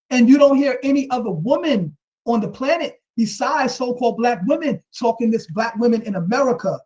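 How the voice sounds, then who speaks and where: In a low-quality recording, a man whose voice sits high with a darkish tone delivers casual, ranting vlog commentary. He is emphatic, keeps tagging his points with rhetorical questions, and says "you know what I'm saying" again and again.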